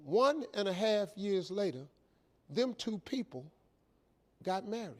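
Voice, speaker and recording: A man's voice: high-pitched, sing-song, slow pace. A middle-aged man telling a folksy, emphatic, preacher-like story to a live audience as a motivational speaker.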